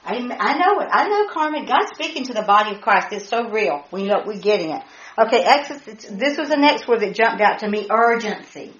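Animated woman teaching scripture. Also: fairly high pitch, brisk. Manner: animated, spells out words, laughs often. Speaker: Bible study teacher. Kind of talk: excited Bible study teaching. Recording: echoey muffled room audio.

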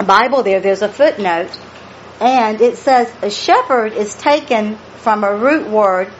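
A woman's voice: a little high, dull audio, a little hiss or hum. Woman teaching Bible study, repeating herself. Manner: repeats phrases for emphasis; reads scripture aloud and explains it.

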